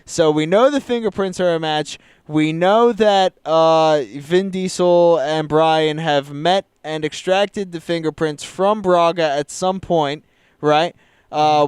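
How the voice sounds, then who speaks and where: A man co-hosting a podcast, casually retelling a film plot and slipping into quick quoted voices. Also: on the high side, a little mellow, smooth, no echo, clean studio sound. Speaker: podcast co-host recapping a film. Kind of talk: casual chat.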